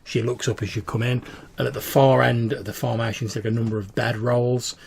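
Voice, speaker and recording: As game master for a tabletop game, a man narrates and describes scenes, full of fillers and restarts. His medium-pitched voice is flat, brisk, creaky, and darkish. The recording carries a little hiss or hum.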